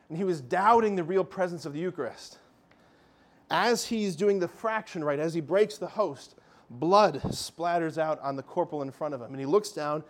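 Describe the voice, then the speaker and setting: A man giving a lively Catholic faith talk, telling miracle stories with animation and calling his listeners "guys". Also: on the high side. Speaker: Catholic speaker.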